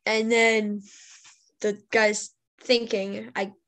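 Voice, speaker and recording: A woman's voice: mid-range voice, flat delivery, very slow, a bit bright. A woman presenting her comic over a video call, nervous and apologetic as she explains it. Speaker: workshop participant.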